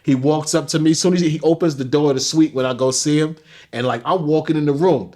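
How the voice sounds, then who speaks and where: Animated New man telling stories. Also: on the high side, fast talker. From New York. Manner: animated, profane, laughing storyteller. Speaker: interview guest. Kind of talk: casual storytelling.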